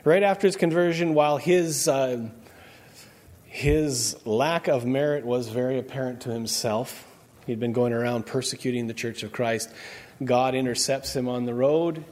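Pastor guy, mid-pitched voice, laid-back sermon, keeps asking the crowd questions. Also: normal speed, a little mellow. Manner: conversational preaching, quizzes the congregation with questions.

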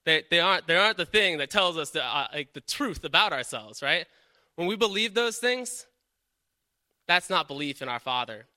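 Earnest man preaching, bright dry voice. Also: fairly high pitch, expressive, normal speed, no echo. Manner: earnest, questioning, keeps adding "right?". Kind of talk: sermon.

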